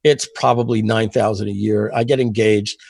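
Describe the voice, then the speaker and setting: A man in his fifties, a guest telling long stories in a casual interview, rambling with many fillers and frequent throat-clearing. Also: on the low side, fairly even intonation, normal speed, darkish tone, dry recording. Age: 50s. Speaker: guest, software entrepreneur.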